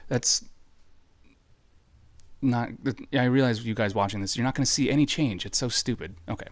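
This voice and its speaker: A man's voice: medium pitch, moderate pace, long pauses, no room sound. A man hosting a let's play video, joking and chatting to the game characters as he plays. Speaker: gaming video host.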